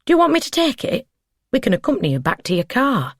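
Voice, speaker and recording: A woman voicing a relaxed, teasing male partner in an audiobook. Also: sits high, quick pace, no echo, studio quality, voice pushed up. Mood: easygoing.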